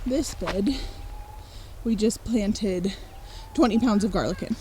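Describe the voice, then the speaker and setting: A woman's voice: mid-range voice, slow, warm tone, a little hiss or hum. A young woman chatting casually to the camera outdoors in her flower garden, upbeat and laughing often. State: a little out of breath. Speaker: flower farmer and homesteader. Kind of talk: casual vlog talking to camera.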